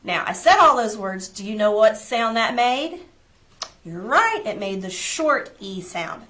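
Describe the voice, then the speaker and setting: A woman preschool teacher reading a picture book aloud to young children. She talks slowly and spells things out plainly, with a middle-pitched voice. Her tone is encouraging, as if the children sit right in front of her. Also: animated, fairly bright tone. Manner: slow, clear, encouraging teacher talk addressed to children. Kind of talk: children's story reading and phonics lesson.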